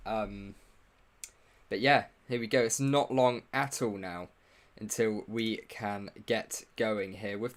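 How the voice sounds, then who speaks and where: A young man hosting a casual live stream, greeting viewers in the chat and making self-mocking asides while he sets up. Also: mid-range voice. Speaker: livestream host.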